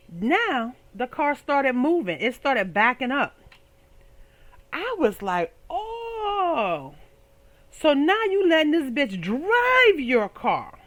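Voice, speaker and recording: A young woman hosting a podcast, telling a comic story in a lively voice that swings between loud outbursts and low asides. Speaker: podcast host. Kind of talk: storytelling monologue.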